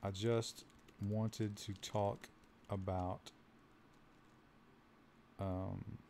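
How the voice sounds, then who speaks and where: A man doing a low, slow, smarmy adventurer. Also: little pitch movement, creaky, a little mellow, a little hiss or hum, heavily acted. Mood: mock-smooth. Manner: low, slow, mock-seductive murmur.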